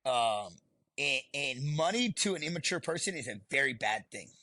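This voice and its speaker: A man's voice: medium pitch, expressive, normal speed, sharp tone, dry recording. A middle-aged man, a podcast guest telling his story bluntly and profanely, rambling as he goes. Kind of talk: candid storytelling.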